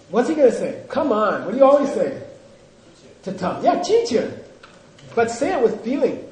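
A man teaching Buddhist philosophy to a class, drilling students in call-and-response and coaxing them with teasing, animated prompts. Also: high-pitched, unhurried, long pauses, reverberant, rough recording.

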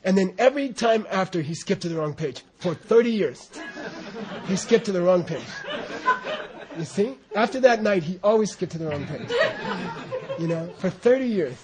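An American man giving an informal Buddhist teaching, rambling and animated, often laughing and saying "you know". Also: high voice, normal speed, crowd noise. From United States. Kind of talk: informal dharma talk.

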